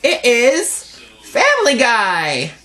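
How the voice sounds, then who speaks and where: A calm young woman co-hosting a casual chat. She speaks slowly and unhurriedly in a fairly high voice, often adding brief agreement between her partner's stories. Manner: unhurried, calm, chimes in with short replies. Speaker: co-host.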